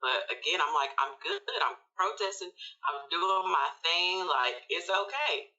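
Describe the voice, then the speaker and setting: A woman guest on a podcast telling a personal story with energy, acting out her own past words with sudden leaps in pitch, laughing and sighing along the way. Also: measured pace, bright, forceful tone. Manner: laughs and sighs while telling. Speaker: podcast guest, social worker. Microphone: remote call. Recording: distant, dull remote audio.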